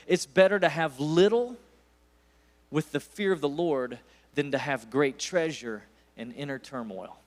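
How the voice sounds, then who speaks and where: A man in his forties with an East Tennessee accent, preaching a sermon as a visiting pastor with folksy stories and emphatic bursts. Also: a little high. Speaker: guest pastor.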